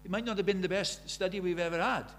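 A man's voice: sits high, quick pace, a bit bright, a little hiss or hum. A man in his seventies preaching a sermon, pressing his congregation with earnest rhetorical questions. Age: 70s. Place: church.

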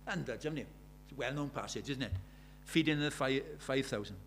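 A man's voice: mid-range voice, fast talker, a bit bright, slight background noise. Man preaching a conversational sermon. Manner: conversational storytelling, rising to urgent emphasis.

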